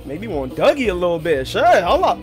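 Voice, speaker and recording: A young man, commentating his gameplay with loud, excitable trash talk and sudden yelps. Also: high voice, a little fast. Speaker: gaming streamer. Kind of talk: let's play commentary. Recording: game soundtrack loud under voice. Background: game music.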